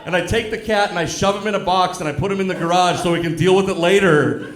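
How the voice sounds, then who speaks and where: A male stand-up comedian telling a story on stage, dry and deadpan, acting out the other people in it. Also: high voice, fast talker. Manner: deadpan storytelling with acted-out quotes. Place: comedy club stage with live audience. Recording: echoey live club room.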